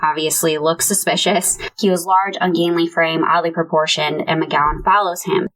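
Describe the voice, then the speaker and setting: A woman's voice: low-pitched, fairly even intonation, normal speed, fairly bright tone, low-quality recording. A woman co-hosting a true crime book club podcast, retelling a case and voicing quotes along the way. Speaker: podcast co-host.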